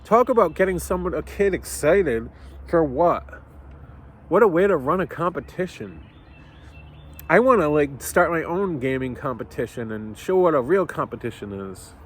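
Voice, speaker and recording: A man's voice: fairly high pitch, expressive, normal speed. A man vlogging a casual, rambling story, swearing often and getting heated as he talks.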